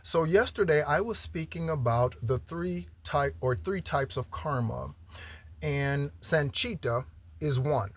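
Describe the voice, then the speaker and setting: A man's voice: a little high, takes it slowly. A man giving a spiritual tarot reading in a chatty way, often checking in with "okay?". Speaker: tarot reader. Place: home in Southern Arizona.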